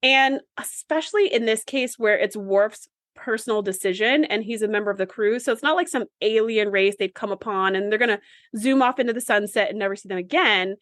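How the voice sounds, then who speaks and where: A woman's voice: medium pitch, a little fast, fairly bright tone, no room sound. Earnest woman podcast co-host, dry sound. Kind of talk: casual chat.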